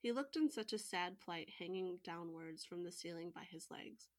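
Woman host narrating a folktale, steady read with wry asides. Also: fairly low pitch, normal speed. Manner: even storytelling read, joking asides. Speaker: podcast co-host and storyteller. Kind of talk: reading a folktale aloud with asides.

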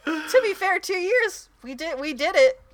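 A woman's voice: very high-pitched, background noise. A woman co-hosting a podcast in casual chat, joking and laughing often at her own show. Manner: laughing often, jokey and self-mocking. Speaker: podcast co-host.

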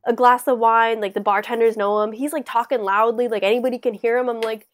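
A young woman co-hosting a podcast, telling a story in a casual, animated way, full of "like" and acted-out quotes. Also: on the high side, quick pace, hardly any pauses. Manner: animated storyteller, lots of "like", acts out overheard lines. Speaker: podcast co-host. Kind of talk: casual chat.

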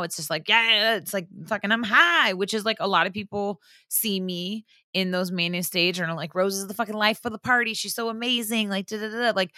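A woman's voice: mid-range voice, sharp tone, dry recording, clean studio sound. A woman in her thirties talking candidly in a casual podcast chat, swearing freely and laughing often. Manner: frank, profane, laughs often.

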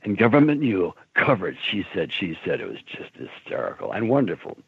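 A man's voice: low voice, wildly swooping pitch, a little fast, creaky, husky, dry recording. A man in his seventies, a guest telling long stories in a rambling way, often laughing and acting out what others said. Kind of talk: casual storytelling. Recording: dry tinny phone line.

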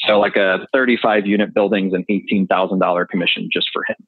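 A man with a deep voice talks fast in a steady tone as an interview guest, casually explaining real estate deals and working through figures with fillers. The recording has no room sound and comes over a tinny phone line.

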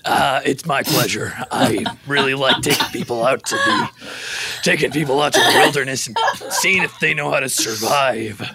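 A man playing a gruff male survival show host in an improv sketch, putting on a lower clipped voice. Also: wildly swooping pitch, extremely slow, long pauses, heavy background noise, full character voice. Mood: proud. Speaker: improv comedian.

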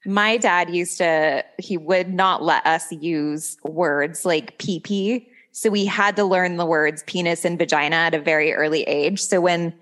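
A woman's voice: lowish voice, steady tone, a little slow, hardly any pauses, a bit bright. A young woman hosting a podcast in casual chat, laughing often and filling talk with "like". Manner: chatty, laughs often, says like a lot. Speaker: podcast host.

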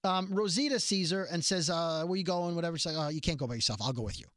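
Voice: mid-range voice, quick pace, no room sound. Mid-range voice for a snarky TV recap podcast host who acts out the scenes; dry booth sound. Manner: sarcastic, animated retelling of scenes. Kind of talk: casual TV episode recap.

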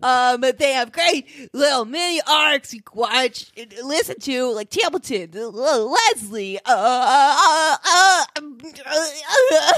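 A woman's voice: high voice, slow, few pauses, fairly bright tone, no room sound, studio quality. A young woman hosting a podcast, bubbly and giggly, rambling through a casual outro. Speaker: podcast host.

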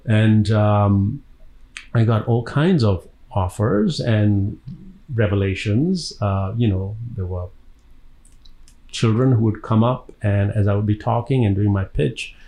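A man from Tanzania, an actor being interviewed, telling long, lively stories with a laugh between them. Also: lowish voice, slow pace, low-quality recording. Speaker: actor guest. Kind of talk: casual interview storytelling.

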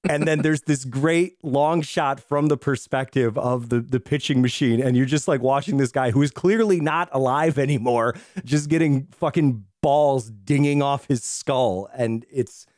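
A man co-hosting a film podcast, telling movie scenes in an animated way, swearing and laughing as he goes. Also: mid-range voice, no echo, clean studio sound. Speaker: podcast co-host. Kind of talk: casual film discussion.

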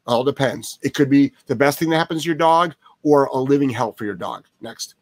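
A man's voice: medium pitch, brisk, no echo. A man hosting a live Q&A as a dog trainer, talking bluntly and emphatically, swearing freely and repeating phrases for effect. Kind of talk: casual live-stream Q&A.

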